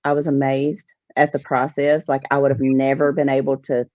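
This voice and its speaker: A woman, a podcast guest telling a lively story about organizing fishing tournaments. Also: rumbling low, moderate pace, no echo. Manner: animated storyteller, acts out others' lines. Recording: dull, dry podcast audio.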